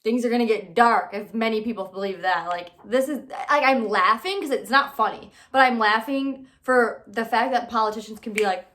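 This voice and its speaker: A woman hosting her own podcast, giving casual, sarcastic commentary with lively, animated delivery. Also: fairly high pitch, moderate pace. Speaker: podcast host.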